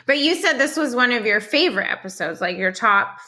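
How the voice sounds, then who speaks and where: A woman co-hosts a podcast in relaxed, upbeat chat, laughing often. Her voice sits a little high and sounds bright and forward. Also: brisk, poor audio. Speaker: podcast co-host. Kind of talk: casual chat.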